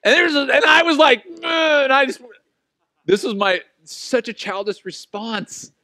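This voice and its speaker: High-voiced, lively pastor in his forties. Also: moderate pace, no room sound. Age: 40s. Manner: animated, self-mocking storytelling. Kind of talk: sermon with personal stories.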